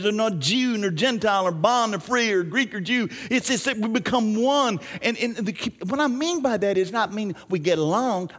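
A man preaching from the pulpit in a somewhat high voice, animated and expressive. He drops into hushed asides, then rises to emphatic, lifted lines. The sound carries the long reverb of a church hall. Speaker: pastor. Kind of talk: sermon.

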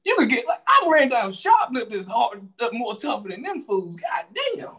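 A man co-hosting a casual talk show, speaking in a heated, profane and animated way. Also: very high-pitched, moderate pace. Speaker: podcast co-host. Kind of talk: casual commentary.

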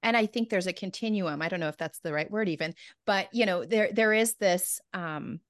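A woman's voice: mid-range voice, a little fast, no room sound. A woman hosts a podcast in a casual, chatty way with small laughs in her voice. Her voice sits in the middle range and sounds close and dry, with no room around it. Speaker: podcast host. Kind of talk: conversational interview.

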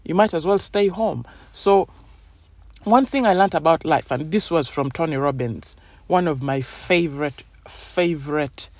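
A woman's voice: low-pitched, a little mellow, no room sound. A woman hosting a podcast, talking in a casual, rambling motivational monologue full of "you know"s. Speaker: podcast host.

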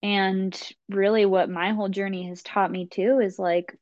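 Woman podcast host, calm, reflective, affirming, flat even delivery, slightly dull sound. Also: mid-range voice, moderate pace, no room sound. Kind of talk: casual podcast conversation.

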